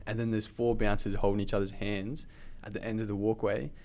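A man with a slightly low voice tells a wild story in casual conversation. He is animated and swears freely, and his talk is full of loose fillers. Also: fairly quick.

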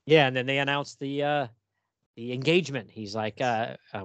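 A man co-hosting a casual film discussion, animated, laughing often and acting out characters' lines. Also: medium pitch, fairly quick, dry recording. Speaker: podcast co-host.

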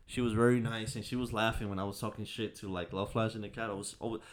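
A man's voice: on the low side, fairly even intonation, fast talker. A young man, hosting a casual podcast and telling stories in a rambling, profane, laid-back way. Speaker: podcast host. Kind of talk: casual chat.

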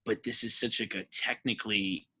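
A man's voice: on the low side, fairly even intonation, normal speed, bright, forceful tone, slightly rough. A man co-hosting a podcast, chatting in a jokey, rambling way about ranking films. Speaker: podcast co-host. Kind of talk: casual film-ranking chat.

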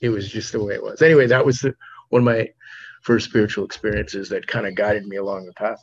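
Host-turned-guest, male, husky and low, rambling storyteller full of restarts. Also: fairly even intonation, quick pace, lo-fi sound. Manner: rambling, many restarts and fillers. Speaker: podcast host and author being interviewed. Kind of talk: casual storytelling interview. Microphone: remote podcast mic.

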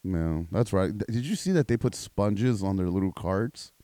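A man with a low, mellow voice trades crude jokes in a loose podcast chat. His talk is blunt and full of swearing. The sound is dry and close. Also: expressive, moderate pace, dry recording. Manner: profane, blunt, laughs often. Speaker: podcast co-host.

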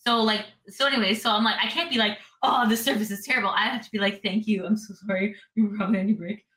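A woman's voice: medium pitch, steady tone, quick pace, a bit bright, poor audio. A woman co-hosting a casual podcast, telling a story in a rambling way, full of "like" and restarts. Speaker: podcast co-host. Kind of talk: casual chat.

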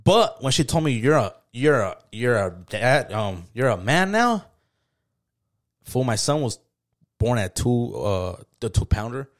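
This man's mid-range voice is very animated yet unhurried as he co-hosts a podcast. He tells stories in slangy, profane, casual chat and acts out the quotes.

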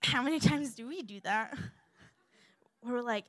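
A young woman delivers a sermon with animated, humorous energy. Her voice sits a little high. The sound is dry and close, with no room echo. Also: measured pace.

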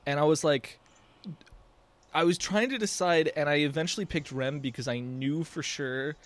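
A man's voice: a little high, normal speed. A man playing a tabletop role-playing game, describing his character's moves in casual chat. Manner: animated, storytelling. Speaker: tabletop player.

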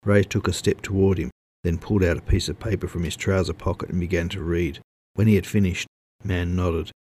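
A man narrating a story in a measured, wry way. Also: low voice, fairly even intonation, a little mellow, slight background noise. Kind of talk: audiobook narration.

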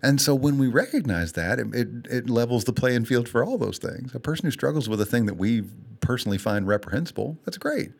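A man's voice: medium pitch, lively intonation, brisk, vocal fry, hardly any pauses. A man co-hosting a faith-based podcast, talking earnestly and candidly, laughing at himself and getting emotional. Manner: earnest, candid and self-deprecating, laughs often; emotional, tears up on heartfelt points. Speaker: podcast co-host. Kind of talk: casual faith-based chat.

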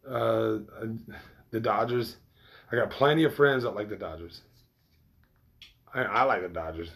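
A man talks casually to his viewers. He rambles in a loose way and swears often. He keeps breaking off and restarting his sentences. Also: lowish voice. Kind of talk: casual chat.

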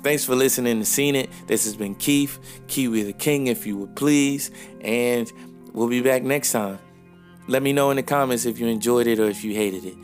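An opinionated man hosts a casual podcast, reviewing a film and speaking straight to his listeners, often pausing on "um". His voice sits at an ordinary middle pitch, with faint music playing softly underneath. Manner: opinionated, frequent "um" fillers, direct address to listeners.

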